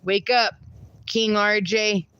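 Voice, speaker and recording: A woman's voice: medium pitch, steady tone, slow pace, a bit bright, clean tone, no room sound, muffled recording. A woman hosting a casual livestream, reading viewer comments aloud, playful and laughing often. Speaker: livestream host reading chat.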